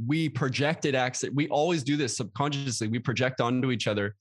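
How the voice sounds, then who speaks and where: A man co-hosting a casual talk about relationships, earnest and animated as he explains. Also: mid-range voice, dry recording, clean studio sound. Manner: earnest, animated storytelling with quick asides.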